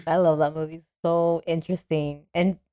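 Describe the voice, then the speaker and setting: Low-voiced woman in frank podcast chat. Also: flat delivery, normal speed, mellow. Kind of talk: casual chat.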